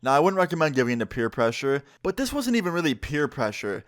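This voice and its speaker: A young adult man telling a casual storytime vlog, recounting events in an excitable, chatty way with lots of "like". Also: medium pitch, fast talker. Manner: casual, excitable retelling with frequent "like". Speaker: vlogger.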